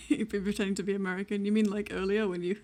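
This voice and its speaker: A woman's voice: medium pitch, flat delivery, fast talker, darkish tone. A Welsh woman trading jokes with the other players of a tabletop game on a live stream. She laughs at almost everything, swears with ease and teases back. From Wales. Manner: laughs often, swears freely, teasing. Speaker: tabletop role-play player. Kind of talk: casual banter on a live stream.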